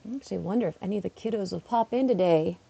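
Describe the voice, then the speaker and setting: Chatty woman with gravelly fry. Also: medium pitch, rapid-fire, dark tone, slight background noise. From Canada. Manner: chatty, laughs often, talks back to chat. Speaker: streamer and schoolteacher. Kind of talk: casual live-stream chat while playing.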